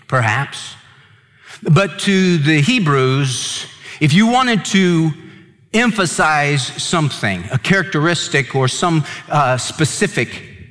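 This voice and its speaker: A man pastor delivering a sermon in an earnest preaching manner, slowing and dropping low to stress key words. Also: fairly bright tone, in a large hall.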